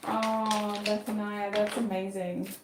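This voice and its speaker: An Australian woman gives a relaxed, chatty tarot reading. She thinks aloud as she goes, often restarting her sentences, and her voice sits in a mid range for a woman. The recording has a noticeable echo from the room. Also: mid-range voice, takes it slowly, background noise. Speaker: tarot reader. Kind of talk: casual livestream tarot reading.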